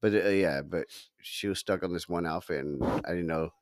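Low-voiced man telling stories casually. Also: moderate pace, no echo, studio quality. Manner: laughs often while telling stories, swears casually. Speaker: podcast co-host. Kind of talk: casual chat.

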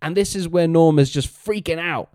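Man with a smooth, dry, slightly high voice. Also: normal speed, no echo. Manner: animated, acts out characters' lines. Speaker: podcast co-host recapping a TV episode. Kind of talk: casual chat.

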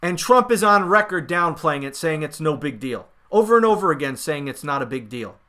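A man hosting a political podcast, talking in a sarcastic, emphatic monologue with swings in loudness. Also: a little high, lively intonation, fairly quick. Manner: sarcastic, mocking paraphrases of others; emphatic, rising and falling loudness. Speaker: podcast host.

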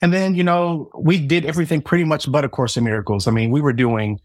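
Animated male storyteller, dry close sound. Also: a little high, quick pace, dry recording. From Southern Indiana. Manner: animated, acts out quoted dialogue, self-mocking humor. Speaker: podcast guest, psychic reader. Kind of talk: storytelling in casual interview.

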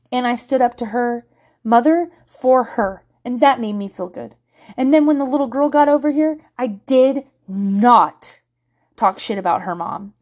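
Middle-aged woman, slightly high voice, blunt, swears freely, filler-heavy casual monologue. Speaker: parent vlogger.

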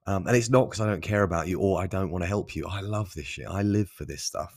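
Low-voiced man rambling on a podcast. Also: quick pace, hardly any pauses, no room sound, clean studio sound. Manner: rambling, self-deprecating, sprinkled with mild swearing. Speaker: podcast host. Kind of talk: casual solo podcast monologue.

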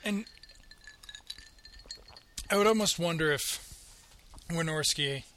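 A man's voice: on the high side, slow, heavy background noise. A man co-hosting a podcast, discussing films casually and repeating words as he thinks aloud. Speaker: podcast co-host.

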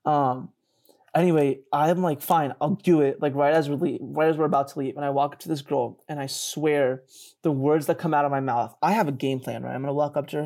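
A young man telling a story in a casual podcast chat. He mocks himself, laughs often and jumps up in pitch when he gets excited. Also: fairly quick. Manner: animated, self-mocking, laughs often and jumps higher in pitch. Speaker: podcast co-host.

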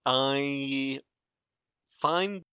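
A man's voice: medium pitch, pushed and bright, smooth, no room sound. Laughing British man, dull dry mic. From Britain. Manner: laughs often, halting restarts. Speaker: podcast co-host. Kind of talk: casual chat.

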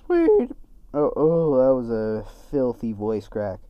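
A man's voice: medium pitch, unhurried, clean tone, no echo, lo-fi sound. A young man hosting a casual solo podcast, rambling and correcting himself as he goes. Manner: rambling, distracted, self-correcting. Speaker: podcast host.

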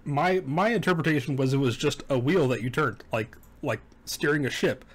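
A man's voice: a little high, moderate pace, breathy edge. A man playing in a tabletop role-playing game, chatting casually in a joking way. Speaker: player.

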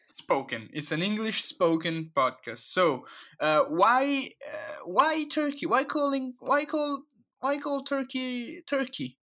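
A man co-hosting a podcast in casual chat, playful and teasing, firing off animated questions. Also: extremely high pitch, takes it slowly. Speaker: podcast co-host.

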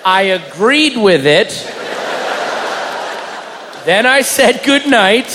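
A man doing stand-up, telling a story in an animated way, acting out voices and shouting punchlines. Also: high-pitched, very slow. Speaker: stand-up comedian. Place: comedy venue before a live audience. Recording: live room with long reverb and crowd. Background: audience laughter and crowd noise.

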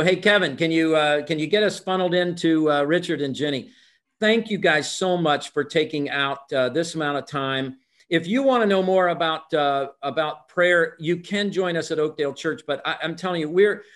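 A man hosting an interview, speaking in an enthusiastic and affirming way. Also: on the high side. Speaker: host.

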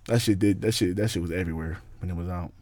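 A man's voice: fast talker, warm tone, no echo. A young man hosting a casual podcast, ranting in a rambling, profane way. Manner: profane, rambling, jumpy pitch. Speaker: podcast host. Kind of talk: casual rant monologue.

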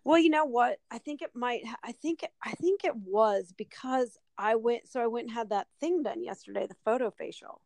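A woman hosting her own podcast in casual chat, excitable and rambling, dropping lots of "like"s and the odd swear word. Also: a little high, moderate pace, creaky, few pauses, dry recording. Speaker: podcast host.

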